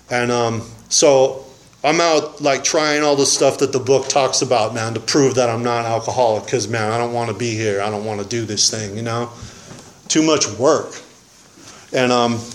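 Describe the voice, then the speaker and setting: A man's voice: mid-range voice, slight background noise. A man telling his recovery story at a meeting in a casual, rambling, slangy way, often saying man and dude. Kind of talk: casual personal testimony.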